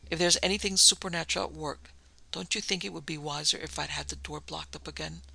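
A man's voice: on the high side, fairly even intonation, quick pace, vocal fry, bright, forceful tone, dry recording, full character voice. A man reading the part of a grave middle-aged lord of a manor, cautious and serious.

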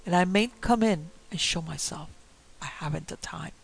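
A man voicing the wailing ghost of a dead wife, cold and pleading, in a breathy, mournful tone. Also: on the high side, moderate pace, rough recording.

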